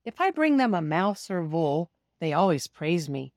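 A woman with a fairly low voice reads a children's storybook aloud, narrating in the first person as a cat and speaking directly to young listeners. Her storytelling is slow and expressive, and the recording is dry and studio quality.

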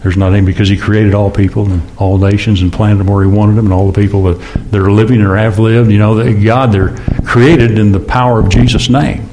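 Male pastor, lowish voice, conversational sermon that jumps up in pitch for emphasis. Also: little pitch movement, a little fast, few pauses, mellow, a little hiss or hum. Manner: conversational, with rhetorical questions and sudden rises in pitch.

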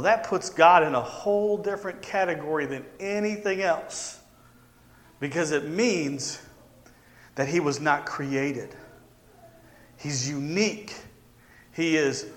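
High-voiced man preaching in a reverberant hall. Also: fairly bright tone. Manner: emphatic repetition, slowing for stress. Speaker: pastor. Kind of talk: sermon.

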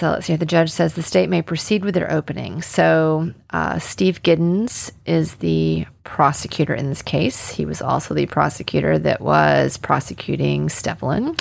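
Woman podcast host from Alabama, casual and indignant, gravelly fry, dry close sound. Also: low voice, no room sound. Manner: conversational, indignant, many fillers. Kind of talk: casual true-crime podcast narration.

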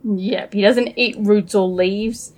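A woman co-hosting a casual book discussion and reading passages aloud, animated and amused. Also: mid-range voice, takes it slowly. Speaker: podcast co-host.

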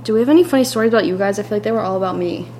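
A woman's voice: medium pitch, very fast, slight background noise. A young woman hosting a podcast, chatting with her family and telling stories with lots of laughter. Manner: laughing, animated storyteller. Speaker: podcast host. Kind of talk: casual family chat.

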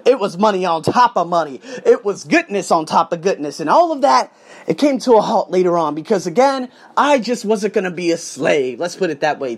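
A man's voice: sits high, animated, moderate pace. A man telling his story in a casual vlog from his condo, emphatic and swearing as he goes. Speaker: vlogger, English teacher. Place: condo room, indoors.

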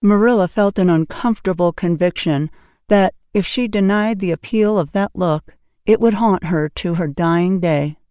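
A woman narrating an audiobook with clear, expressive reading. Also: on the low side, moderate pace, dry recording, clean studio sound. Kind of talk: scripted narration.

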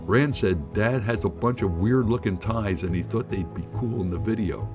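A middle-aged man telling a personal story in an animated, colloquial, jokey way. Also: lowish voice, normal speed, over music. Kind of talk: personal anecdote narration.

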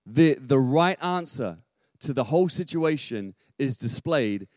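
A middle-aged man, preaching a sermon and telling a family story with lively acted-out quotes. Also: medium pitch, measured pace, no room sound, studio quality. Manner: animated, acts out quotes with rising volume. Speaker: pastor.

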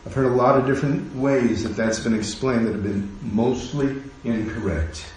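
A man's voice: medium pitch, normal speed, darkish tone, slight background noise. A man preaching a sermon as pastor, impassioned and full of rhetorical questions. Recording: very echoey room.

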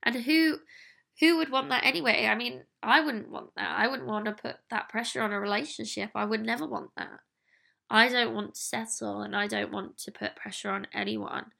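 Bright, gravelly-edged woman in her thirties. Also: on the high side, normal speed. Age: 30s. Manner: candid, earnest, personal. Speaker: podcast host. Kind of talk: reflective solo podcast monologue.

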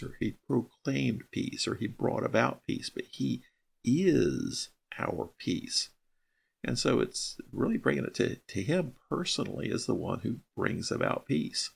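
A man teaching through a Bible passage verse by verse, slowing down to read the quoted scripture and then explaining it in plain terms. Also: medium pitch, creaky, breathy edge.

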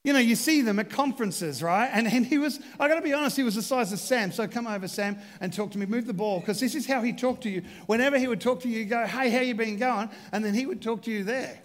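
A man's voice: very high-pitched, fast, few pauses, in a large hall. A man preaching a humorous sermon as pastor, chatty and self-deprecating as he jokes with the congregation from a church stage.

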